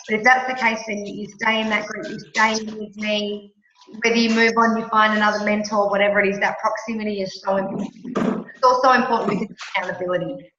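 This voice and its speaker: Give me an emphatic Australian coach woman, bright and echoey. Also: mid-range voice, fast, slight background noise. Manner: emphatic, animated, checks in with listener. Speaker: mentor and coach. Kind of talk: motivational coaching chat. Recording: echoey room, dull lo-fi sound.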